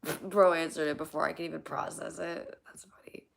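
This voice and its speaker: A young woman hosting a casual livestream, hoarse from losing her voice, rambling, swearing and laughing at her own jokes as she answers chat. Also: deep voice, level tone, a little fast, slight background noise.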